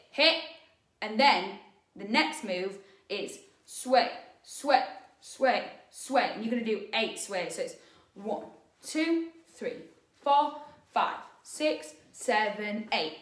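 Chatty young woman, higher pitch, casual dance-tutorial delivery, echoey room. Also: a bit bright. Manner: bubbly, chatty, slangy. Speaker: dance instructor. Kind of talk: casual dance tutorial, counting beats aloud. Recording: roomy echo.

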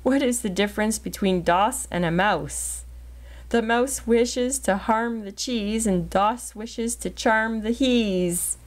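A woman voicing an older uncle who tells silly riddles in a slow, drawn-out, joking manner. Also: fairly high pitch. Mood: smug joking. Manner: slow, jokey, drawn-out delivery. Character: older uncle telling corny riddles, wheezy chuckler.

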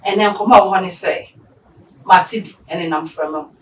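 A woman with a Ghanaian accent hosting a talk show, introducing guests and asking brisk questions. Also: lowish voice, a little hiss or hum. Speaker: show host. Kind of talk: casual talk-show chat. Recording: roomy, distant mic.

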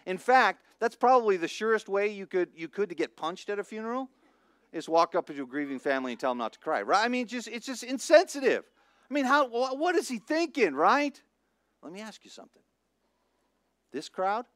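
A middle-aged man, a pastor, preaching a sermon with lively storytelling that swings between hushed and loud. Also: a little high, moderate pace, pauses often, no echo. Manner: animated storytelling, acts out voices, swings from soft to loud.

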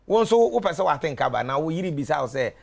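A man speaks in a somewhat high, gravelly voice with plenty of fry. He tells animated stories on a talk show panel and breaks into laughter often. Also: fast talker.

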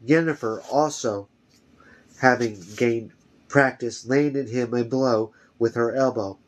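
A man reading a fantasy novel aloud, carefully, often restarting a phrase. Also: mid-range voice. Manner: slow, careful, with frequent restarts. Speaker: reader.

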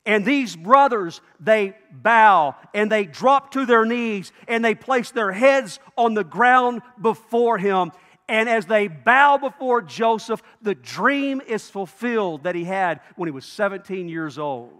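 A pastor preaching a sermon, telling a story expressively and acting out the speakers in it. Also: male voice, sits high, animated, slow pace, sharp tone. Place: church sanctuary. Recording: long hall reverb.

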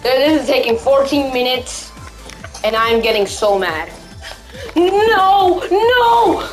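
A young woman with a higher voice talks over her gameplay in unhurried, drawn-out phrases, breaking into yells at the screen. Game music plays clearly behind her desk mic. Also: rough recording. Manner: excitable, yelling at the game. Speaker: gamer. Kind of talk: let's play commentary.

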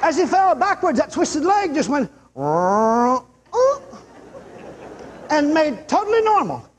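An older man preaching a revival sermon to a large church crowd, telling stories emphatically and shouting out the lines he quotes. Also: very high voice, very animated, normal speed, background noise. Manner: emphatic, shouts out quotes, acts out a healed man's yells.

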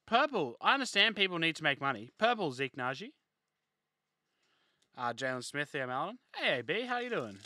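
A young man running a live card break stream, rattling through player names between bits of casual chat. His voice is very bright and ringing and sits a touch high, and the recording is close and dry with almost no room sound. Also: very animated, fairly quick, no echo. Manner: rattles off player names while chatting with viewers.

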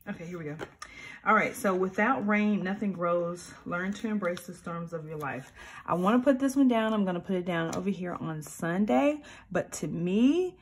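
A woman's voice: on the low side, slight background noise. A middle-aged woman, chatting casually and animatedly while decorating a planner, with mock-grumpy asides. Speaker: planner vlogger. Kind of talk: casual plan-with-me chat.

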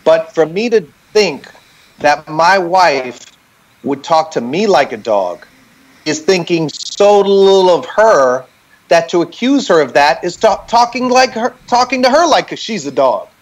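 Guy on a video call guesting on a podcast, kinda high voice, earnest and reflective, keeps saying right?. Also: very animated, unhurried. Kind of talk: candid conversational storytelling.

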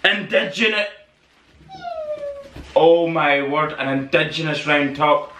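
A man's voice: a little high, takes it slowly. A man hosting an unboxing vlog, chatty and full of exclamations. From Northern Ireland. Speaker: channel host. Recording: echoey room, mic at a distance, noisy.

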